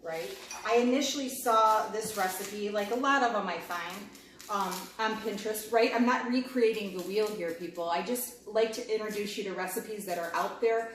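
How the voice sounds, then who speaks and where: A woman's voice: mid-range voice, normal speed. A woman chatting casually to viewers while she cooks at home, tasting food and walking through a recipe. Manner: talkative, talks while cooking and tasting food. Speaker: home cooking vlogger. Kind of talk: chatty cooking demo. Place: home kitchen. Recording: echoey kitchen, mic a bit far off, clear background noise.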